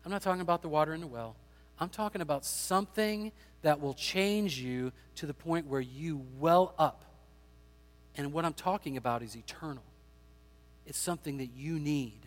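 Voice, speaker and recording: A man's voice: on the high side, normal speed, big-room sound. A man preaching a sermon, retelling a scripture passage and acting out the people in it. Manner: acts out quoted speech of biblical figures in paraphrase. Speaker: pastor.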